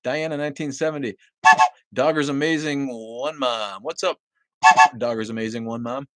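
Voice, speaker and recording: A man's voice: mid-range voice, fairly even intonation, normal speed, dry recording. Coughing man hosting a livestream. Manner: coughs often, swears casually, loud greetings to viewers. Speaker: livestream host. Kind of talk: casual livestream chat reading viewer comments. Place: at home with a dog nearby.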